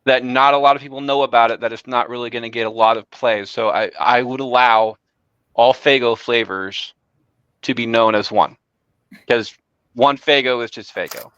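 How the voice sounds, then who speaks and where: A man with a bright, forward voice runs a podcast bracket and reads the rules and updates like a news anchor. His voice is dry and close, with the slightly dull sound of a home mic. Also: medium pitch, steady tone, normal speed, no echo. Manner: crisp announcer-style updates. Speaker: bracket host and scorekeeper. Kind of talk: casual podcast chat.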